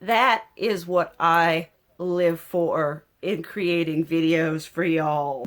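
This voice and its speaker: A woman's voice: on the low side, fairly even intonation, slow pace, hardly any pauses. A young adult woman chatting casually to her viewers while doing her makeup, rambling and heartfelt and often emotional. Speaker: beauty vlogger. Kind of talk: casual get-ready-with-me chat.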